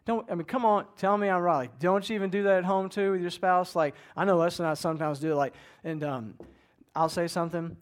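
A middle-aged pastor preaching in a conversational, animated way, acting out people's inner voices. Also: male voice, sits high, brisk, few pauses. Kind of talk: sermon.

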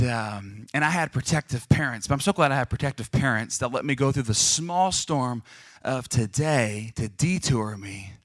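Joking young pastor preaching, dry close sound. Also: male voice, medium pitch, no echo. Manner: lively, joking, acts out quoted voices. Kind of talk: sermon.

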